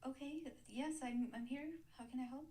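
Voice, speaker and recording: A woman's voice: high-pitched, steady tone, normal speed, dark tone, low-quality recording. A woman trainee practicing customer service calls, polite and a little hesitant.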